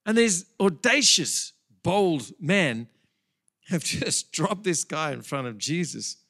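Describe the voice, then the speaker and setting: A male pastor preaching in church in a fairly high voice. His pitch swings widely as he tells the story with energy. He drops in casual, conversational asides. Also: takes it slowly. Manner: animated storytelling, chatty asides. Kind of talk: sermon.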